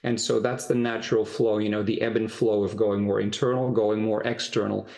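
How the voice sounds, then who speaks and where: Low-voiced man coaching with encouragement. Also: flat delivery, creaky, warm tone. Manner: encouraging, flowing, drawn-out emphasis. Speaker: spiritual teacher. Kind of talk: private spiritual coaching session.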